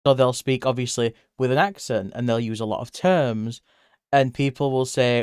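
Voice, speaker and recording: A chatty British man rambles through a casual live stream, laughing often, his voice jumping up when excited. His tone is smooth and clear at a middle pitch. The sound is dry and close, with no room echo. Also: moderate pace. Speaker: livestreamer.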